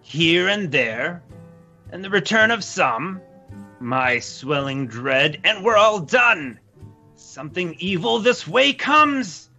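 A man's voice: sits high, expressive, slow pace, pushed and bright, faint music behind, exaggerated voice. A man voicing a blind, cryptic old moth priest who speaks in ominous rhymes, in an audio drama. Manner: cryptic rhyming prophecies, cranky.

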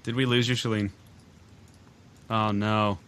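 A man co-hosting a casual gaming podcast over a call, laid-back and quick to laugh as he comments on his play. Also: on the low side, level tone, fairly bright tone, slight background noise. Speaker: podcast co-host and player. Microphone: remote call mic.

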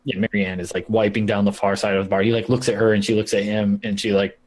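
A man's voice: lowish voice, level tone, fast talker, a little mellow. A man narrating a tabletop game as game master, in loose, rambling sentences full of likes and ums.

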